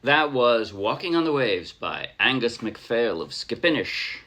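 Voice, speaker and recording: A man giving a casual ukulele tutorial, chatting in a relaxed way, correcting himself and counting beats aloud. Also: medium pitch, measured pace. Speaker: ukulele teacher. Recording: clear ukulele music behind voice. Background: ukulele playing.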